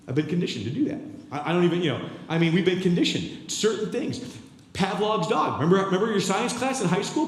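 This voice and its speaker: A man's voice: medium pitch, darkish tone. A male pastor preaching a sermon, telling a story in a conversational way with frequent asides to the congregation, in a church sanctuary. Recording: echoey church hall with long reverb.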